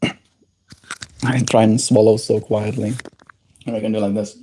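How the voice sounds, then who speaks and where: A man's voice: lowish voice, level tone, unhurried. A young man livestreaming, chatting casually with viewers and reading their comments in a playful, teasing way. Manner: playful, teasing, drifting into silly put-on voices and quiet mumbles. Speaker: daily livestreamer.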